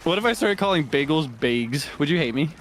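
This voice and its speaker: A male streamer chats casually while gaming, with a slightly high voice that leaps around expressively. He is giggly and keeps breaking into laughing fits as he teases his friend. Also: lively intonation, brisk, fairly bright tone, slight background noise. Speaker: streamer host. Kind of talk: casual game-stream chat.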